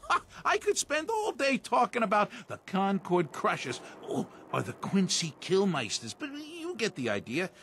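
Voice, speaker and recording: A man's voice: high-pitched, wildly swooping pitch, normal speed, few pauses, fairly bright tone, a little hiss or hum, heavily acted. An actor with a Boston accent voicing a boisterous, pushy male street vendor in a video game, full of hawking sales patter. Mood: boastful.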